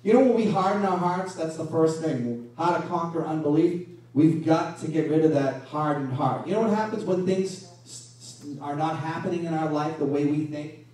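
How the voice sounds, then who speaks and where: A man preaching a sermon as pastor, animated and full of rhetorical questions, recorded from a distance in a church hall. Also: a little high, normal speed. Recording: echoey room from a distance.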